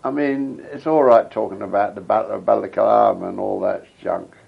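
Gravelly old man reminiscing. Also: fairly low pitch, fairly even intonation, moderate pace, lo-fi sound. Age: older. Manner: rambling, reminiscing storyteller. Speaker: veteran interviewee. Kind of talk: oral history interview.

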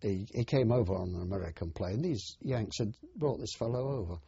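An older man, a war veteran, telling his memories in a plain, unhurried oral history interview. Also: lowish voice, animated, gravelly, mellow, breathy edge, dry recording. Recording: dull, dry archive interview recording.

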